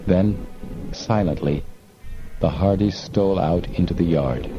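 A man reading an adventure novel aloud in measured, suspenseful narration. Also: sits low, over music. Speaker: audiobook narrator. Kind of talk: scripted narration. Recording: muffled lo-fi with faint hiss.

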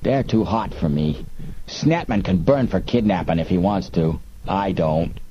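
A man's voice: deep voice, unhurried, warm tone, highs cut off, a little hiss or hum. A man reading an audiobook, voicing an angry adult male smuggler who accuses his partner of cheating. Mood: scornful.

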